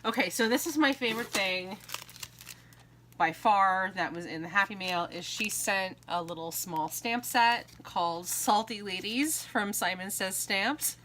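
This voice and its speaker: A woman's voice: mid-range voice, measured pace, bright, forceful tone, slight background noise. A woman in her thirties, a craft vlogger, chatting casually and giggling as she shows off mail she received. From United States. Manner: chatty, giggly, trails off with ums. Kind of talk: casual chat.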